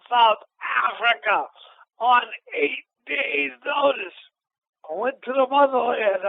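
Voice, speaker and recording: On a radio show's tinny phone line, a retired boxer from Massachusetts, USA, a middle-aged man with a very high-pitched voice, is recorded dry. His casual interview is loose and rambling, his stories looping back with frequent restarts and repeats.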